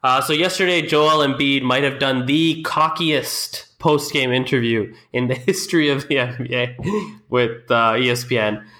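A man co-hosting a sports podcast, agreeable and quick with short back-channel replies. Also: mid-range voice, steady tone, bright, forceful tone. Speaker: podcast co-host. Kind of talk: casual sports chat.

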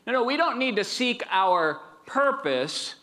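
A middle-aged man preaches a sermon in a bright, high voice. He drops low for storytelling, then rises to emphatic calls for amens. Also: very animated, a little slow. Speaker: pastor.

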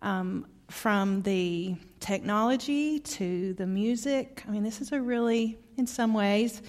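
A middle-aged woman from Arkansas with a Southern accent, preaching a heartfelt storytelling sermon as a guest preacher, often dropping soft and quiet. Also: mid-range voice, slow. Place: church sanctuary.

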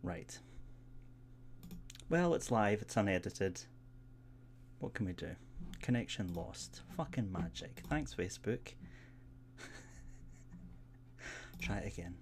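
A man's voice: on the low side, animated, takes it slowly, long pauses, slight background noise. A man hosting a casual live-streamed podcast, laid-back, laughing often and swearing casually. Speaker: podcast host.

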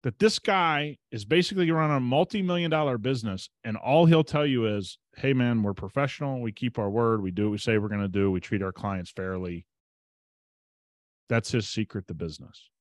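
This casual storytelling monologue comes from a male podcast host who talks emphatically and recreates conversations through quoted lines. His middle-pitched voice moves a little fast with few pauses. The audio is intimate and dry, without any echo.

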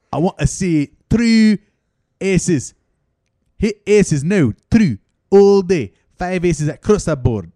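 A man's voice: on the high side, a little slow, slightly rough, dry recording, studio quality. A man voicing a pushy female tennis coach who barks the same orders over and over. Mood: bossy. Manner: barking repeated orders.

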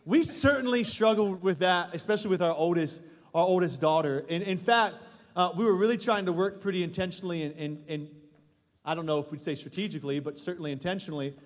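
A pastor in his thirties telling a funny family story in a sermon to his congregation, animated and self-mocking. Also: high voice, fast. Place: church stage before a congregation. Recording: long reverb of a large hall.

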